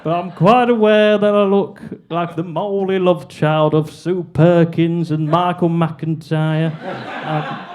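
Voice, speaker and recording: A man's voice: a little high, steady tone, slow, few pauses, darkish tone. A young man doing a stand-up comedy set, rambling and self-deprecating, on a club stage with a handheld mic.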